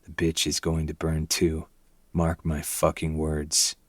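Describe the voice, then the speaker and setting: A man reading a dark novel aloud in first person, with low, intense, brooding delivery. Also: completely flat delivery, slow pace, no room sound. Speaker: podcast host reading a novel.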